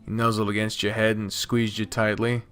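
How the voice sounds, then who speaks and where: A man's voice: on the low side, monotone, moderate pace, faint music behind. A man reading a visual novel aloud and breaking off into casual commentary that often turns to swearing. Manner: casual, swears freely, reads the narration softly, then breaks out into loud commentary. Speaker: game streamer.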